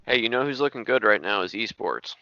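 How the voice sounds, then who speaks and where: A man's voice: fairly low pitch, lively intonation, fairly quick, vocal fry, sharp tone, no echo, lo-fi sound. A man in his thirties hosting a podcast in casual chat, joking about himself and laughing a lot. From United States. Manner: laughs often, self-deprecating. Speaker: podcast host.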